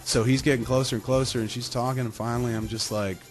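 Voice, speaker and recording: A man's voice: medium pitch, steady tone, fast talker. A man hosting a podcast and telling a comic story casually, profane and self-mocking, acting out the voices of the people in it. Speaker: podcast host. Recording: music playing behind the voice.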